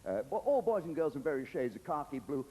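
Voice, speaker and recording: A man's voice: a little high, sing-song, quick pace, dark tone, in a large hall. An older English man doing a stand-up comedy routine, chatty and cheeky, chuckling between jokes. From England. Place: theatre stage with a live audience. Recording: noisy 1990s VHS stage recording.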